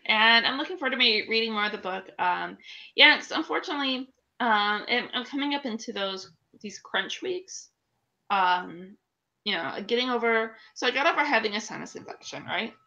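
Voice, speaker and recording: A woman's voice: fairly high pitch, animated, moderate pace, sharp tone, dull audio. A woman co-hosting a casual chat show, fighting a cold and telling stories in a playful, chatty way. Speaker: podcast co-host.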